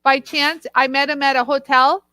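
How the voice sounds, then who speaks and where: A woman's voice: high voice, little pitch movement, normal speed, sharp tone, dry recording. A woman co-hosting a casual chat show, talking playfully and giggling as she jumps between topics. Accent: American. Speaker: co-host.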